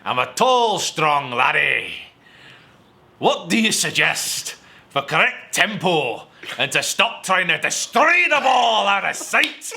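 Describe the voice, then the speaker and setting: A man's voice: high voice, very animated, slow, vocal fry, pitched above the performer's own voice, exaggerated voice. A man voicing a boastful, tall, strong young Scottish lad in a hammy put-on Scottish accent. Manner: hammy, loud and laughing.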